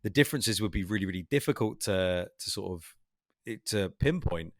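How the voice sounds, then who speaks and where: Bloke on a podcast, rambles a lot, swears, dead dry close mic. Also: male voice, fairly low pitch, lively intonation, a little fast, no echo. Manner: rambling, swears, acts out quotes. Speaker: podcast co-host. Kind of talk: casual chat.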